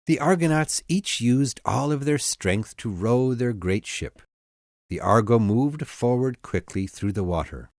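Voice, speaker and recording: A man's voice: medium pitch, unhurried, dry recording. Guy reading myths aloud, voice rising and falling a lot, dry close sound. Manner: expressive, storytelling delivery. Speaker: audiobook narrator. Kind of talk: scripted storybook narration.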